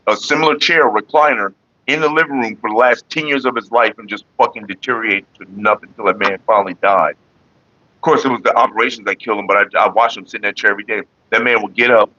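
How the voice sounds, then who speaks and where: A middle-aged man hosts a casual livestream, speaking bluntly and swearing a lot directly to his chat viewers. His medium-pitched voice is bright and forceful, with no echo and a lo-fi sound.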